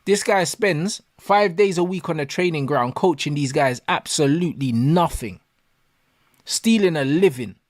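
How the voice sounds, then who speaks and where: A man's voice: fairly high pitch, unhurried, no room sound, clean studio sound. A man speaking as a pundit, bluntly and scathingly criticising.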